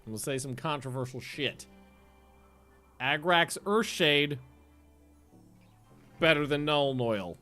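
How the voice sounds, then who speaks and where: A male streamer chats loosely from home while playing a game, with rambling, profane and excitable talk. His voice sits a touch high for a man. Faint music plays underneath. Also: slow pace, pauses often. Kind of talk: casual chat while livestreaming a game.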